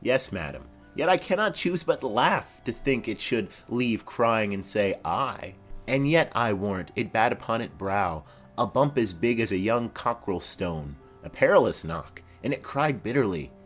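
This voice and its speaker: A man's voice: on the low side, expressive, unhurried, fairly bright tone, soft background music. A man voicing a garrulous old woman nurse who chatters on in long rambling memories, in a dramatic reading of a play.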